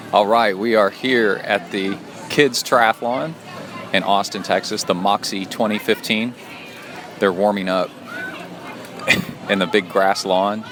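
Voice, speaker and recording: A man's voice: sits low, noisy background. A man who coaches triathlon and hosts a podcast, talking in a rambling, chatty way. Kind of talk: casual spoken monologue.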